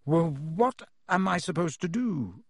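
A man's voice: a little high, lively intonation, unhurried, slightly rough, dry recording, clean studio sound, full character voice. A man reading a hesitant teenage wizard boy.

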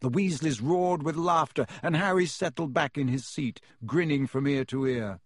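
A man narrating a storybook aloud in a steady, even-paced reading. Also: on the high side, moderate pace, no echo, clean studio sound. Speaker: audiobook reader.

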